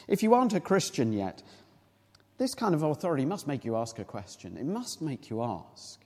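Speaking briskly, a male preacher with a high, animated voice that moves freely up and down talks through scripture in a chatty, questioning sermon full of rhetorical questions. A long reverb suggests a large church hall.

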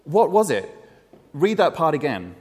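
Brief: dismayed young woman prisoner, pitched up, voiced by a male preacher, echoing hall. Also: big pitch swings, unhurried, darkish tone, slightly rough, heavily acted. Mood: reading aloud. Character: anxious frightened woman prisoner, pleading. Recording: reverberant hall.

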